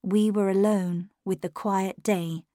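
Slow, expressive woman reading a ghost story. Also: mid-range voice, dry recording, studio quality. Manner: measured and expressive, dramatic at tense moments. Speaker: audiobook narrator. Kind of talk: scripted first-person audiobook narration.

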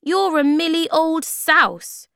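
A woman's voice: very high-pitched, takes it slowly, vocal fry, bright, forceful tone, no room sound, studio quality, voice pushed up, full character voice. A woman voicing a touchy young male creature who speaks in an impatient, sulky way.

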